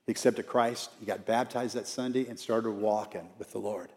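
A man's voice: fairly low pitch, steady tone, moderate pace, a little mellow. A man, an outreach minister, preaching a storytelling sermon in a church and coaxing the congregation to repeat lines back to him. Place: church sanctuary. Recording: church hall with long reverb.

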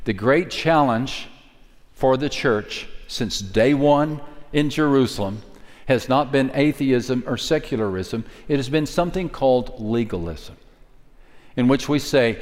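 A man preaching a sermon. He swings from strong, rising declarations down to hushed, near-whispered phrases. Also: medium pitch, expressive, measured pace. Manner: dynamic preaching, dropping to a hush for key lines. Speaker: pastor. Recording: hall reverb.

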